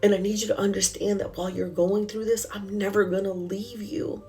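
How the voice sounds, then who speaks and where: A woman's voice: mid-range voice, flat delivery, a little fast, dark tone, soft background music. A woman giving a candid, emotional spoken devotional, telling her own story in a casual, conversational way. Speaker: Christian speaker.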